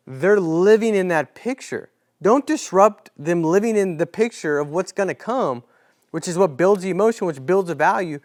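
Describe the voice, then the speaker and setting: Male sales trainer, fairly high-pitched, casual and animated, coaches a class through client talks.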